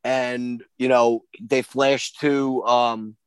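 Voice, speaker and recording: A man's voice: mid-range voice, flat delivery, drawn-out words, clean tone, no echo. Rambling, stammering man with a dry voice. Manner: rambling, stammering repeats, swears casually. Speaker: podcast co-host. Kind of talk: casual film discussion.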